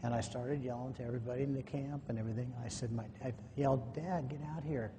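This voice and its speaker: A man's voice: little pitch movement, fast talker. Folksy man telling a story in an echoey hall. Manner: folksy, acts out quoted dialogue. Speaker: conference speaker. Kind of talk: personal storytelling talk. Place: conference hall. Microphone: microphone at a podium or in hand. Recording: echoey hall, faint noise, low-quality 2009 recording.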